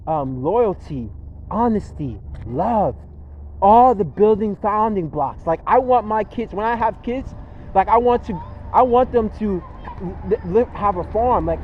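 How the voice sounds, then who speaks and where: A man's voice: high voice, lo-fi sound, a little hiss or hum. A man in his twenties talking casually in a motivational monologue, earnest and repetitive, with lots of fillers. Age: 20s. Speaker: vlogger.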